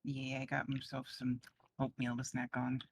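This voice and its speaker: A woman's voice: extremely low pitch, completely flat delivery, normal speed, a little hiss or hum. A woman co-hosting a game stream, giving short, laid-back replies in casual chat. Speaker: co-host voice actor.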